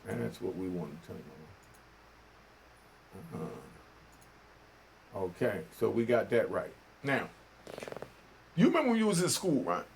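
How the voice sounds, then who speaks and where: A man's voice: on the low side, big pitch swings, a little slow, creaky, long pauses, slight background noise. An older man from New York giving casual commentary, talking in preachy street slang and often asking "you know what I mean?". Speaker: vlogger.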